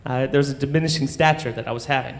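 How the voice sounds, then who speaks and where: A man telling a story live on stage in an animated, profane way, often checking in with "right?". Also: medium pitch, very fast. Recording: long hall reverb.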